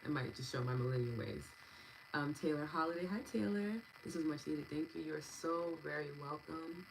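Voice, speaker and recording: A woman in her thirties, a meditation and EFT practitioner, hosting a live wellness session and chatting warmly with viewers by name. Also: sits low, brisk, creaky, background noise. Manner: gentle, affectionate and chatty, thanking viewers by name.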